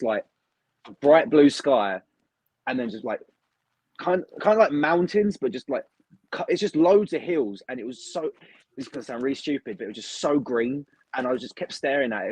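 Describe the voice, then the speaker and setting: A young man from the UK, a wrestler talking casually and excitedly in an interview, with lots of "like" fillers. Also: mid-range voice, slightly rough, dry recording, rough recording. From United Kingdom. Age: young adult. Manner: chatty, excitable, heavy use of "like". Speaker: wrestler, guest.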